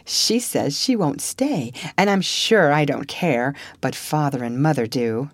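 A woman voicing a bold, loyal young girl who talks in an animated, indignant way. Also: deep voice, unhurried, dry recording, studio quality.

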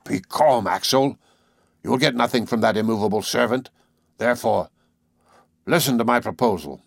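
A man voicing a stubborn, commanding older professor in an audiobook, speaking with forceful, resolute declarations. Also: mid-range voice, normal speed, creaky, no room sound, clean studio sound. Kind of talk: audiobook character reading.

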